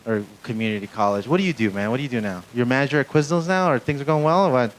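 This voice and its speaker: A man's voice: mid-range voice, racing, rough recording. Rambling stand-up comic man, faint hiss. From Mexican-American family. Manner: rambling, self-deprecating, crowd work with frequent profanity. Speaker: stand-up comedian. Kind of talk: live stand-up comedy set. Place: small comedy club stage.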